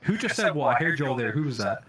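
While playing a game on a live stream, a man gives casual commentary, joking and getting excited, and swearing whenever something startles him. He talks fast in a mid-range voice over a loud crowd.

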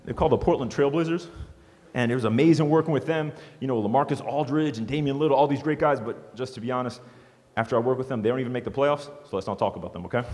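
A man giving a storytelling speech to an audience as a motivational speaker, animated and joking. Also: mid-range voice. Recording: long hall reverb.

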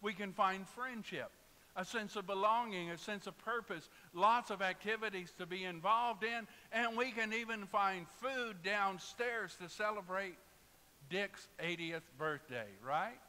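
Preaching in a church sanctuary, a man with a high-pitched, pushed and bright voice talks a little slowly. He tells funny stories as pastor and jokes with the congregation in asides, and the hall's reverb comes through with faint hiss.

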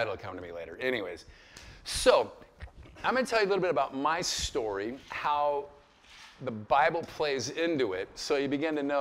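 Lively, storytelling middle-aged man teacher. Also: medium pitch. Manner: conversational and storytelling, with asides and chuckles. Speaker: pastor teaching a Bible lecture. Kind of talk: informal teaching talk to a group.

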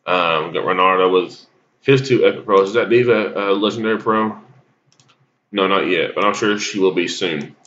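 A man's voice: low voice, moderate pace, fairly bright tone, dull audio. A man giving rambling, casual commentary on a mobile game, coughing and sneezing with a cold. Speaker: gaming YouTuber.

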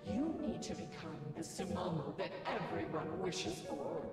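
A sly, coaxing shadow. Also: female voice, fairly low pitch, expressive. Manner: slow, smooth, coaxing. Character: sly shadow leader, cooing and menacing. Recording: game audio, roomy, over loud music.

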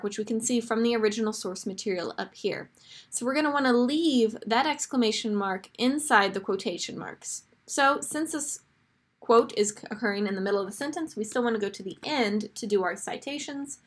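Woman teacher, fairly high voice, patient, step-by-step explanation, screen-recorded lesson. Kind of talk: screen-share grammar lesson.

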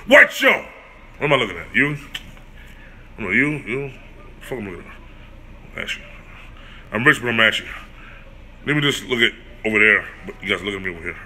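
A man's voice: fairly low pitch, very animated, fairly quick, long pauses, pushed and bright, slight background noise. A man hosting his own comedic vlog, ranting in a brash, profane, boastful way. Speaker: host.

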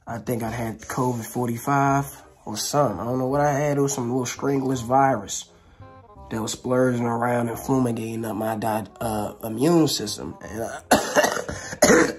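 A woman talking in a casual home vlog, slangy, joking and rambling. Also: very deep voice. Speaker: vlogger.

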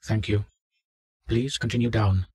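A man's voice: lowish voice, steady tone, a little slow, darkish tone, slightly rough, pitched above the performer's own voice. A man voicing a polite, insistent male doctor giving orders over a headset. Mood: clinical.

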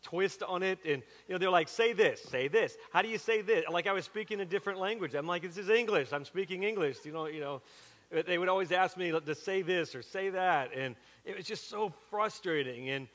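A middle-aged Southern man preaching in a church, his voice pitched high and sounding bright and forceful. He tells stories in a chatty, animated way, full of asides, and the sanctuary gives it a long, ringing reverb. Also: fairly quick. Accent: Southern with a Western Pennsylvania twist. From South Carolina. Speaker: pastor. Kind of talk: sermon with personal story.

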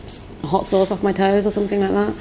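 A young woman with a London accent, a singer and songwriter chatting as an interview guest, quick-talking and giggly. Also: mid-range voice, flat delivery, dark tone, slight background noise. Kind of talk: casual interview chat.

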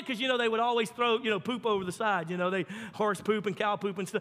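A male pastor preaching a sermon with animated, folksy storytelling and fervent emphasis. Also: extremely high pitch, quick pace, few pauses, in a large hall.

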